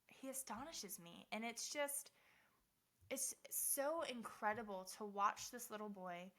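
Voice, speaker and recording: A woman in her twenties speaks in a heartfelt, earnest way and repeats key phrases for emphasis. Her voice is bright and clear, at an ordinary middle pitch. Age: 20s. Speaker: motivational speaker. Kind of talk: personal motivational talk.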